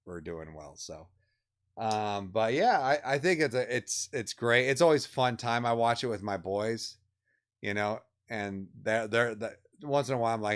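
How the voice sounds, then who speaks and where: A man in his thirties co-hosting a casual stream, laid-back and hesitant, with plenty of pauses and fillers. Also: fairly low pitch, expressive, fairly bright tone. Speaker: stream co-host. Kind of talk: casual chat about video game awards.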